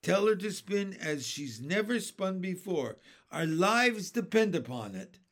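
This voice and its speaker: A man's voice: sits high, big pitch swings, measured pace, fairly bright tone, voice pushed up, heavily acted. A man voicing a brave young boy in a storybook, commanding and reassuring.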